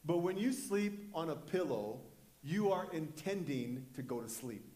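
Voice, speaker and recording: A man's voice: fairly high pitch, expressive, measured pace, mellow, reverberant. A male pastor preaching a sermon in an impassioned, emphatic way. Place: church.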